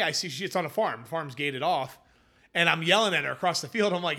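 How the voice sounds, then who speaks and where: A young man, the founder of a hummus company, casually telling animated stories in an interview and acting out the voices of people he quotes. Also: on the high side, fast.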